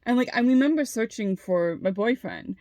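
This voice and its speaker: A woman's voice: fairly high pitch, expressive, moderate pace, darkish tone, no room sound, clean studio sound. A young adult woman telling a personal story in a casual monologue, heated, with lots of "like" and frequent swearing. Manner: heated, fills talk with "like" and swears freely.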